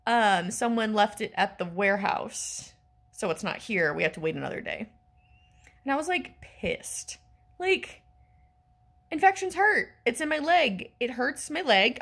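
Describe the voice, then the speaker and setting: A woman in her twenties telling an exasperated, animated story as a casual vlog rant, full of fillers. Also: fairly high pitch, creaky. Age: 20s. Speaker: vlogger.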